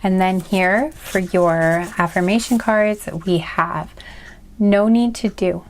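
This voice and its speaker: A woman's voice: medium pitch, steady tone, takes it slowly. Rambling, apologetic woman reading cards. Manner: rambling, apologetic, self-deprecating. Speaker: tarot reader. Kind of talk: casual chatty card reading.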